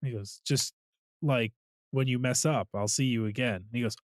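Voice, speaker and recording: A man's voice: medium pitch, normal speed, no echo. Guy on a podcast cracking up retelling movie bits, dry close mic. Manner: laughs a lot while retelling movie scenes. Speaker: podcast co-host. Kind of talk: casual chat.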